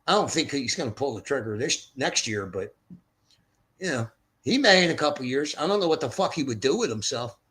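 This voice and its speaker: This older Philadelphia livestream host rambles casually, blunt and profane, into his streaming mic. He speaks fairly quickly in an animated mid-range voice with a fairly bright tone.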